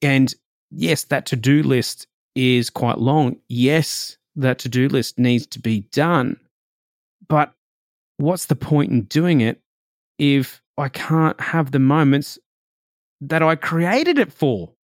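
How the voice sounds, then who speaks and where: Man, podcast host, middle pitch, dead dry sound, relaxed reflective storytelling. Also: takes it slowly, no echo. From Australia. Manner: relaxed, reflective, heavy on "like" and "you know".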